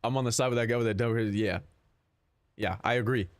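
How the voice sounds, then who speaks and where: A man's voice: mid-range voice, fairly even intonation, fast talker. A man streaming a game, chatting casually with his chat in a rambling, profane, laid-back way.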